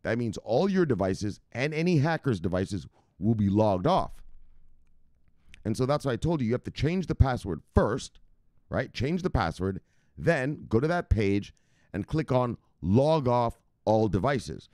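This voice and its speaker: A man hosting a crypto news stream, talking casually with slang and loud shout-outs, explaining things step by step. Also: mid-range voice, very animated, moderate pace, dry recording, studio quality. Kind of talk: casual livestream talk.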